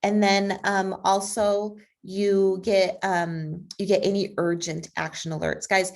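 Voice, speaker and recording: A woman speaking as a guest on a video call, persuasive and energetic, with frequent fillers. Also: mid-range voice, slow pace. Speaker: guest speaker, advocacy group president. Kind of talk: conversational online talk.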